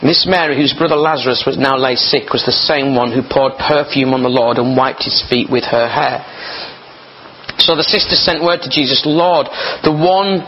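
Chatty preacher, slightly dull sound. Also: male voice, mid-range voice, normal speed, a little hiss or hum. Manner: chatty, digressing, laughs between readings. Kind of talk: informal sermon with Bible reading.

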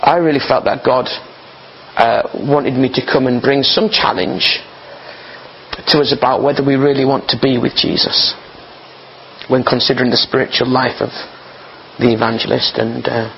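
A man preaches an informal sermon in an earnest, chatty way, often stumbling over and repeating his words. His voice sits at an ordinary middle pitch. The recording sounds a little dull and muffled, with a faint hiss behind it. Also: steady tone, moderate pace, creaky, pauses often.

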